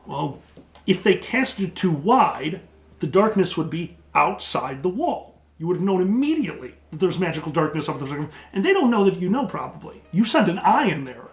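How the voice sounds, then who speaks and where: Echoey game master, slightly high voice. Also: male voice, big pitch swings. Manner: slows down for vivid descriptive narration. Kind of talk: narrating a tabletop game.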